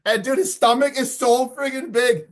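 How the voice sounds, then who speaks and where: A man hosting a podcast, excitedly recapping a horror movie in casual chat and acting out lines from it. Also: very high-pitched, moderate pace. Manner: excited, swearing, acts out lines from the film. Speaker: podcast host.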